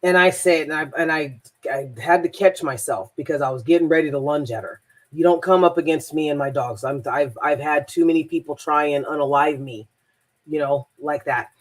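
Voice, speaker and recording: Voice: mid-range voice, brisk. A transformational coach telling a personal story in a rambling, emphatic monologue, often repeating words.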